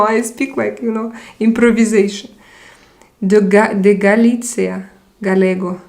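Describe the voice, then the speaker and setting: Young woman, live-stream host, unhurried delivery, reads out chat comments and replies. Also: mid-range voice, darkish tone. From Russia. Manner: reads viewer comments aloud and answers them.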